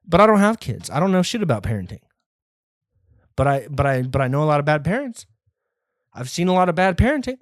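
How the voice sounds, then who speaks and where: Male solo comedy podcaster, profane and self-deprecating, slightly high voice, dry close mic. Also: very animated, quick pace, no echo. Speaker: podcast host.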